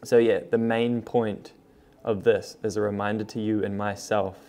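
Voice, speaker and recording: A young man talks straight to camera from a room still full of moving boxes. His voice sits low and mellow, with little rise and fall. He keeps it relaxed and frank and swears freely. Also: normal speed. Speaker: vlogger. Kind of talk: casual talk to camera.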